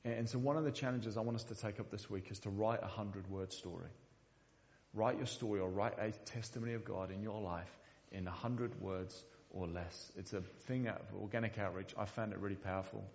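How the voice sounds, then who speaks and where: A man's voice: lowish voice, a little fast, gravelly, a little mellow, long reverb tail, lo-fi sound. A man preaching a sermon in a church, speaking earnestly and often repeating the first word of a sentence. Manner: earnest, repeats words when starting sentences. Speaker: pastor.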